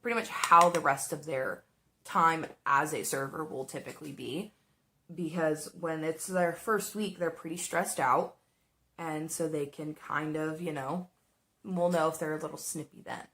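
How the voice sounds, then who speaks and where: Brief: young woman, low-pitched and animated, telling a storytime rant while doing her makeup. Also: unhurried. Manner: animated, swearing, quotes people in exaggerated voices. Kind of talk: casual storytime chat.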